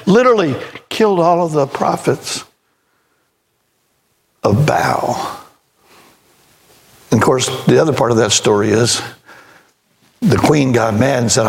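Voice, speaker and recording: A man's voice: medium pitch, measured pace, pauses often. An older man preaching a sermon as pastor, telling a story in a folksy way and acting out both sides of the conversation, then rising to emphatic preaching.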